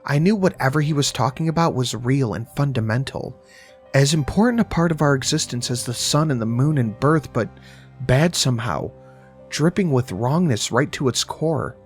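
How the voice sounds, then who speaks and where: A man narrating a horror story in a steady, measured way. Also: medium pitch, breathy edge, faint music behind.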